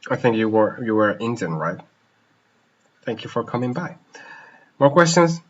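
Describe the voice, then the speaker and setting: A man's voice: medium pitch, sing-song, normal speed. A man hosting a casual live question-and-answer stream as a language teacher, reading viewer questions and hopping between languages. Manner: switches languages mid-sentence, reads questions aloud. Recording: slightly dull lo-fi stream audio.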